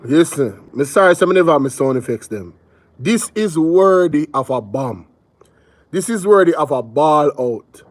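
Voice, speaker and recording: A Jamaican man hosts a live reaction stream in an animated, emphatic voice that sits a little high. His sound is dry and close, with no room around it, as he hammers each point home. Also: measured pace, no room sound. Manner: animated, emphatic, repeats points, shouts out viewers. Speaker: reaction show host.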